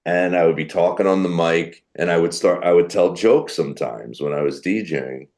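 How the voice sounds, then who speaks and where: Deep-voiced man telling stories. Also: moderate pace, darkish tone. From New Jersey. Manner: chatty, anecdotal, self-mocking. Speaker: guest comedian. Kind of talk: casual storytelling interview.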